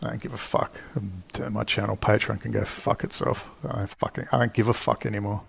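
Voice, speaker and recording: A man's voice: lowish voice, flat delivery, fairly quick, creaky, a little hiss or hum. A man, from Australia, delivering an angry, profane, rambling monologue as a commentator. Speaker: independent commentator. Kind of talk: ranting monologue.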